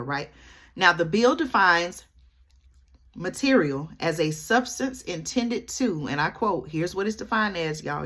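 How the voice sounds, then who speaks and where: A woman with a low-pitched voice talks straight to her viewers in a chatty commentary. She keeps checking in with them as she goes. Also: fairly bright tone. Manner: chatty, keeps addressing viewers with "y'all" and "okay?". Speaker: vlogger. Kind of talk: commentary to camera.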